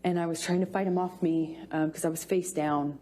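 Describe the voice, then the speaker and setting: A woman giving courtroom testimony from the witness stand, speaking haltingly with many pauses and restarts. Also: fairly low pitch, steady tone, warm tone. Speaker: trial witness.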